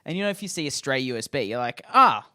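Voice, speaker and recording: A man with a smooth, resonant voice co-hosts a comedy podcast, spinning long, playful stories. His voice is recorded close and dry, with no room sound around it. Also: mid-range voice, expressive, racing, fairly bright tone, no echo. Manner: rambling, playful storytelling. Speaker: podcast co-host. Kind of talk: casual comedic chat.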